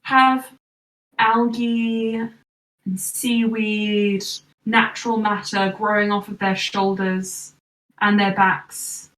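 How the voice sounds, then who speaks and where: A woman narrating as game master of a tabletop game in a relaxed, casual way. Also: mid-range voice, extremely slow. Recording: echoey room, far from mic.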